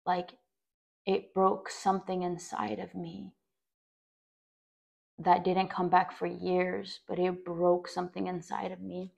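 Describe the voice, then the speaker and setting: Gravelly low-voiced young woman. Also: completely flat delivery, takes it slowly, long pauses, darkish tone. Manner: rambling, with many fillers like "like" and "or whatever". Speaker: podcast host. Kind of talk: personal storytelling monologue.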